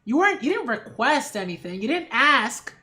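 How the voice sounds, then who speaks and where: A woman's voice: on the high side, big pitch swings, moderate pace, sharp tone. A woman hosting her own channel, giving a casual opinion rant with emphatic, sarcastic delivery and frequent rhetorical "right?" check-ins. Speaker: culture critic and channel host.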